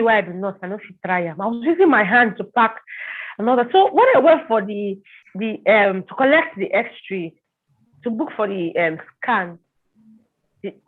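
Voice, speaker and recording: A woman telling an emotional personal story as an interview guest, halting and repeating words when upset. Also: on the high side. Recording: tinny phone-like line.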